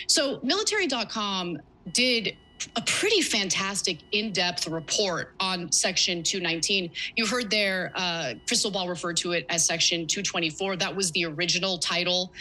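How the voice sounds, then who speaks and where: A woman's voice: fairly low pitch, pushed and bright, slight background noise, low-quality recording. A woman hosting a news commentary, reading report excerpts aloud with emphatic, sarcastic asides. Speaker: political commentator.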